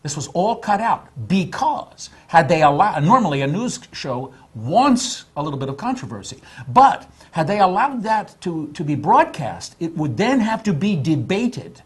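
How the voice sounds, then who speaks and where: A man's voice: on the high side, very animated, moderate pace, few pauses, slightly rough. A man speaking as a panel guest, passionate and full of fillers in casual talk.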